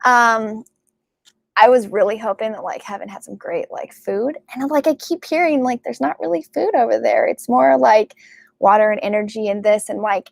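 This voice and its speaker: A woman working as a psychic medium, talking casually and excitedly to her viewers, full of fillers and "like". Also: on the high side, normal speed, gravelly, no echo. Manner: chatty and excitable, many fillers and likes. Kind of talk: casual spiritual talk to camera.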